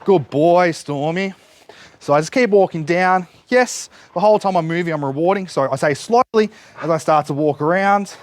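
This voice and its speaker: A man's voice: high-pitched, lively intonation, a little fast, no echo. A man demonstrating dog training outdoors, explaining each step while giving his dog short cues and praise. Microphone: camera set up nearby.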